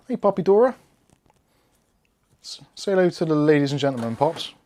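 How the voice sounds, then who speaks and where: A man's voice: on the high side, expressive, a little slow, warm tone. A man hosting a live PC build stream, chatting casually and reading out viewer comments while he works. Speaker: tech channel host.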